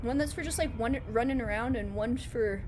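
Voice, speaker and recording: A woman's voice: a little high, a little fast, noisy background. A woman streaming a video game live, chatting casually and playfully and laughing often. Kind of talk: casual live gameplay chat. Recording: game sounds audible behind voice.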